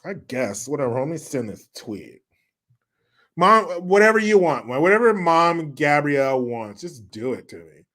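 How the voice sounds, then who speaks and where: A man voicing a bored teenage boy glued to his phone, answering in a flat, indifferent mumble. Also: on the high side, normal speed, pitched below the performer's own voice.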